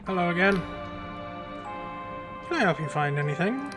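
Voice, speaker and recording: A man's voice: high-pitched, sing-song, normal speed. A man streaming a game, chatting casually and joking at his own expense. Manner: chatty, self-deprecating. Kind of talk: casual let's-play commentary. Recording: game music playing behind.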